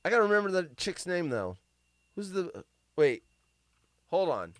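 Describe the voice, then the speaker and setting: A man's voice: high-pitched, very animated, normal speed, a bit bright, dry recording, clean studio sound. A man hosting a live show, chatting casually and reading odd news stories aloud with crude, rambling asides.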